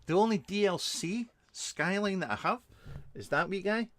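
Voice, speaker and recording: A man's voice: high voice, animated, normal speed, fairly bright tone. A man, a reviewer hosting a casual live stream, answering viewers in a rambling, chatty way with many ums and restarts.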